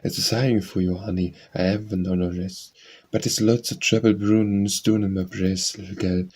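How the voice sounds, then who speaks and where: A man recites verse for an audiobook in a rhythmic, sing-song lilt. His voice sits a little low and has a husky, breathy grain. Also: fairly even intonation, fairly quick, a little mellow. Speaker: audiobook reader.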